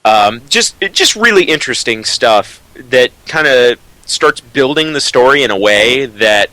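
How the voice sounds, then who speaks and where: A man's voice: medium pitch, animated, a little slow, sharp tone, no room sound, poor audio. A man co-hosting a casual podcast roundtable, rambling and stammering with frequent restarts, jittery from too much caffeine. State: jittery from energy drinks. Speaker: podcast co-host.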